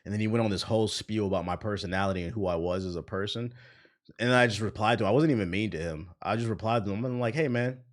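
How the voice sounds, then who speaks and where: A man hosting a livestream, chatting casually and retelling arguments by quoting people in lively bursts. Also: on the low side, quick pace. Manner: animated storytelling, quoting others. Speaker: livestream host. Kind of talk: casual stream chat.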